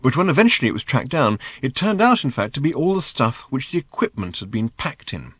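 A man narrating an audiobook in measured, lively storytelling. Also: medium pitch, husky, dry recording. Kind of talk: scripted narration.

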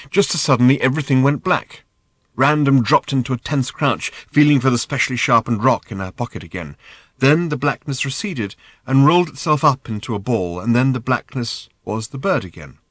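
A man narrating an audiobook in measured, lively storytelling. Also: mid-range voice, dry recording. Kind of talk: scripted narration.

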